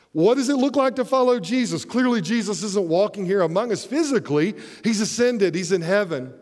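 A man's voice: high voice, big-room sound. A man preaching a sermon as pastor, earnest and emphatic, posing rhetorical questions.

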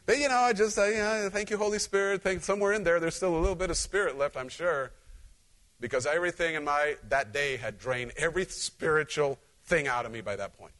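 Pastor, male, lively sermon delivery that keeps calling on the congregation, voice sits a bit high. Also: fairly quick. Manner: animated, talks directly to the congregation. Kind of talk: conversational sermon with personal stories.

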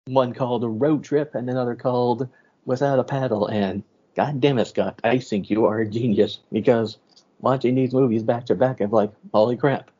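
A man's voice: medium pitch, steady tone, moderate pace, mellow, husky. A man hosting a podcast in casual chat, joking loosely and laughing often. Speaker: podcast host. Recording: dull lo-fi podcast audio.

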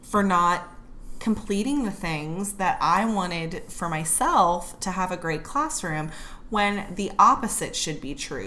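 A woman's voice: on the low side, bright, forceful tone, a little hiss or hum. A young adult woman, a fourth grade teacher, chatting casually with a co-host, laughing easily and acting out quotes. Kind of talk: casual chat.

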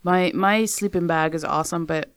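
Gravelly, hesitant guest voice. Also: mid-range voice, fairly bright tone, no room sound, studio quality. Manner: hesitant, many filler pauses. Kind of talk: casual conversation.

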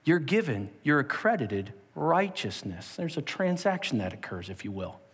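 Preacher guy, sermon, swoopy lively delivery, big hall echo. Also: a little high, moderate pace, breathy edge. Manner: animated, dramatic preaching to a live audience. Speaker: pastor. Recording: long reverb of a large hall.

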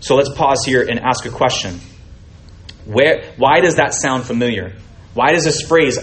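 A man at mid pitch teaches a Bible study. He reads verses aloud with care, then explains them in a loose, conversational way. Faint background noise sits under the voice. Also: lively intonation, normal speed, roomy sound. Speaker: teacher at a messianic fellowship.

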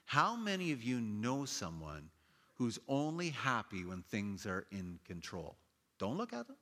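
A man preaching a sermon, telling stories in a lively way and acting out the people in them with playful voices. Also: medium pitch, a little slow. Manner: animated storytelling with playful quoted voices. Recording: long hall reverb.

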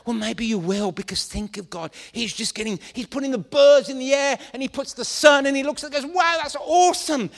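A man preaching a lively sermon to a congregation, animated and playful, acting out scenes as he goes. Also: very high-pitched, fairly quick, gravelly, few pauses, in a large hall.

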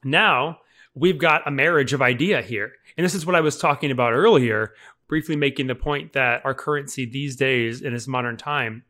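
A man's voice: mid-range voice, normal speed, bright, forceful tone. A man co-hosting a coaching podcast, thoughtful, with frequent restarts and easy laughs. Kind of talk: casual podcast chat.

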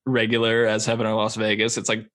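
A man's voice: fairly low pitch, monotone, fast, a bit bright. A man co-hosting a casual music podcast, riffing and joking. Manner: jokey, riffing. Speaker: podcast co-host. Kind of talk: casual chat.

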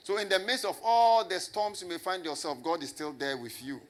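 A man preaching a sermon in a somewhat high voice. He leans hard on repetition and keeps asking the congregation questions. He slows right down to press home key words. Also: lively intonation. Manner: emphatic, repeats phrases and asks the congregation rhetorical questions. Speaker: pastor.

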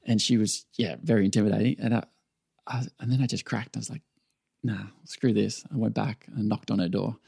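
A man's voice: on the low side, steady tone, fast talker, creaky, dark tone, husky, no room sound, studio quality. A man with an Australian accent, a stunt performer, telling stories in a laid-back podcast interview with lots of fillers and restarts. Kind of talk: casual storytelling interview.

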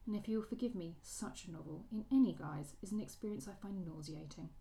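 A woman reading the lines of a cold, proud Regency gentleman, in a quiet, clipped delivery. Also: medium pitch, fairly quick, creaky, natural voice, low-quality recording.

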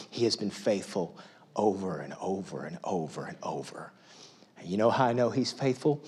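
A middle-aged male pastor preaching a sermon in a church, dropping to near-whispers and rising to loud, emphatic pleas. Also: lowish voice, big pitch swings, normal speed, husky. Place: church auditorium.

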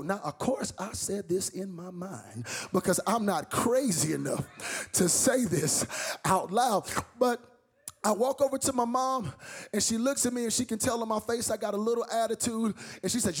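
A man's voice: sits high, lively intonation, normal speed, slightly rough. A middle-aged man preaching a sermon, telling a story in a rising sing-song cadence. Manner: storytelling, sing-song rising cadence, acting out his mother and his child self.

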